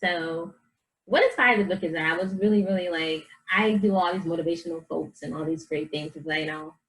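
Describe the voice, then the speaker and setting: A woman with a fairly low voice speaks as a guest in a casual interview. She is a life coach, earnest and animated, and she acts out the voices of people in her stories. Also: fairly quick, low-quality recording.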